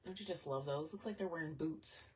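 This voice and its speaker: A woman's voice: deep voice, fairly quick, a little mellow, slight background noise. A woman vendor chatting casually and rambling as she shows her items in a selling vlog. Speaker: vintage and jewelry vendor.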